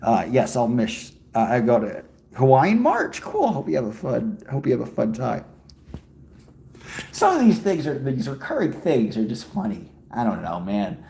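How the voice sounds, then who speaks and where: Gravelly man chatting and joking crudely. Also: medium pitch, huge pitch swings, normal speed, mellow, slight background noise. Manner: joking, crude, rambling replies to chat. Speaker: livestreamer reading chat. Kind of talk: casual chat. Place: walking outdoors in a city.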